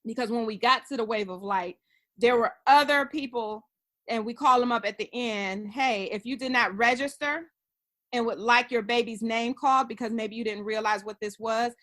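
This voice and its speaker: Bright, earnest woman telling a story. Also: a little high, normal speed. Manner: earnest, storytelling, many "you know" fillers. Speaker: guest, organizer of an infant-loss remembrance ceremony. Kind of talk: podcast interview.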